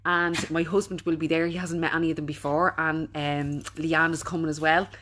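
A middle-aged woman with an Irish accent chats away on a live video, reading out viewers' comments. Her voice sits a little low, and she speaks in a chatty, encouraging tone. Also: level tone, fairly quick, a bit bright. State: recovering from being unwell. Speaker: business owner hosting a Facebook live. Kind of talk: casual live-stream chat.

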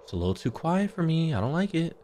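A man's voice: a little high, sing-song, fast talker, darkish tone, slight background noise. A man giving panicky, swearing commentary to himself while playing a horror game. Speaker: gaming YouTuber.

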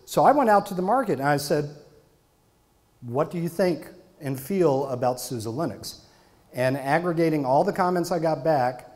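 A man's voice: fairly high pitch, a little mellow. Emphatic middle-aged man lecturing. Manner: emphatic, piles up repeated phrases for stress. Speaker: marketing consultant, speaker. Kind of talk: lecture to a live audience.

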